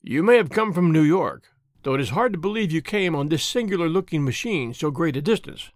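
A man voicing a grave, formal general who speaks deliberately. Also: fairly high pitch, lively intonation, no echo, studio quality, lightly acted. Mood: stern. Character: stern, measured male general, middle-aged.

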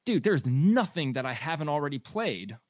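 A man's voice: on the high side, very animated, normal speed, a little mellow, dry recording. A man co-hosting a casual gaming podcast, arguing his opinions in a conversational way. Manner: opinionated, argues his point. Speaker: podcast co-host.

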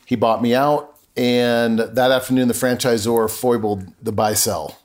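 A man's voice: mid-range voice, steady tone, a little slow. A middle-aged man talking as a podcast guest, telling a personal story earnestly and acting out remembered conversations. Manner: earnest, acts out remembered dialogue.

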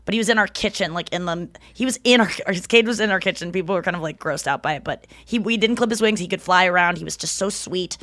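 Woman hosting a podcast, lowish voice, dry close mic, swears a lot, tells stories. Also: fast, hardly any pauses, a bit bright, no echo. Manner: loose, swearing, storytelling with silly bird-voice impressions. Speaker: podcast host. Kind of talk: casual chat.

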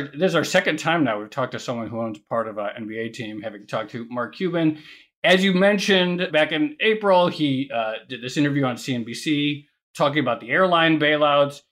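A man's voice: medium pitch, fairly bright tone. A man co-hosting an interview, chatty, asking questions with restarts. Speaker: co-host.

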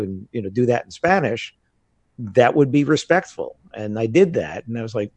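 An American man talking casually in an interview, telling animated stories about learning a language. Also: mid-range voice, fairly quick, dry recording. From United States. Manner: animated storytelling with laughs. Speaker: guest. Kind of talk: casual conversation.

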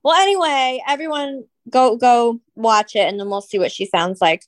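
Blunt teasing woman, higher voice, dry. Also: dry recording. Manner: blunt, teasing, quick comebacks. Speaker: podcast host. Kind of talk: casual chat.

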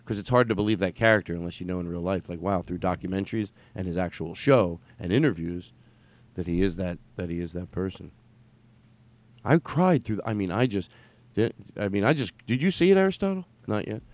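A man's voice: low-pitched, brisk, a little mellow, no room sound. A man hosting a podcast, talking in a rambling, emphatic way with some swearing. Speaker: podcast host. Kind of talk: casual chat.

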